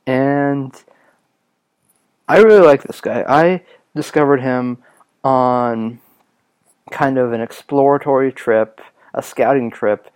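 A young man hosting a casual solo podcast, raspy from a cough, rambling with lots of ums and restarts. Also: mid-range voice, darkish tone. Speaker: podcast host.

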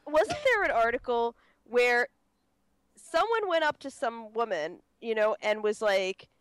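A woman's voice: a little high, a little slow, clear, resonant tone, no room sound. A woman co-hosting a casual true-crime podcast, rambling and swearing freely. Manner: animated, swearing, rambling with restarts. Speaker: podcast co-host.

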